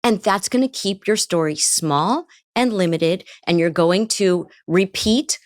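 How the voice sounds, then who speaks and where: A woman's voice: mid-range voice, a little slow, no echo, clean studio sound. A woman therapist in an interview, explaining ideas and often asking rhetorical questions. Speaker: therapist guest. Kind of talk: interview conversation.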